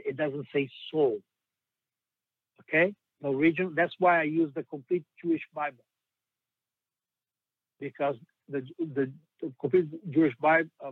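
A man delivers a sermon with earnest emphasis, his voice sitting a little high. The sound is thin and phone-like, very dry with no room echo. He slows down to stress the scripture he quotes. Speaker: preacher.

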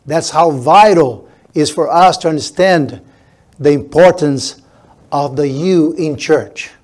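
Slow, deliberate preaching man. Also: fairly high pitch, darkish tone. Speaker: pastor. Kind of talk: sermon.

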